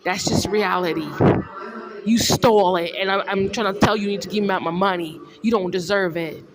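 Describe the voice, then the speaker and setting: A woman's voice: medium pitch, steady tone, brisk, over music. A woman delivering an indignant, repetitive, confrontational monologue as a vlogger. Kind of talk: rambling monologue to camera.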